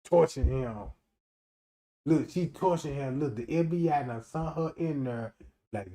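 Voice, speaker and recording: A man streaming a profane comedic rant, swinging from shouting to muttering. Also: medium pitch, measured pace.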